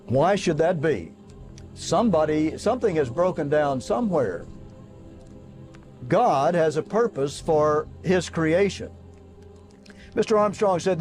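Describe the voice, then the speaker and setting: A man's voice: on the high side, animated, unhurried, pauses often, darkish tone, faint music behind. A man preaching to young people at an outdoor camp, reading quotes aloud and pressing rhetorical questions with emphasis.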